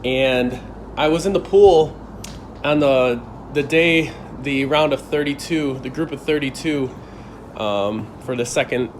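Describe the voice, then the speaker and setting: A young man telling an animated story. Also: mid-range voice, a little slow, slight background noise. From Buffalo, New York area. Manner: animated, laughs often, acts out quoted lines with a raised voice. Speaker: channel host telling a story. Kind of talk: casual storytelling to camera.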